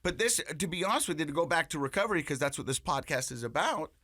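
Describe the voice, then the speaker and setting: A man's voice: fairly high pitch, lively intonation, quick pace, sharp tone, dry recording, studio quality. A man hosting a podcast, talking candidly and reflectively in casual chat, often restarting his sentences. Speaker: podcast host.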